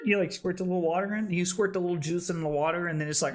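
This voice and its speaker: A tipsy man hosting a card game tournament on his livestream, talking loudly and excitably, swearing freely and laughing often. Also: high voice, fast, hardly any pauses. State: tipsy from drinking. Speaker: streamer and tournament host. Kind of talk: casual livestream commentary. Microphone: streaming microphone.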